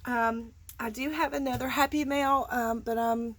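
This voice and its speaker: A middle-aged Southern woman from Georgia chats with her viewers in an effusive, gushing way. Her voice sits high and she takes her time, drawing out her words at an unhurried pace. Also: fairly even intonation. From Georgia, USA. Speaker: crafting vlogger. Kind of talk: casual chat unboxing mail.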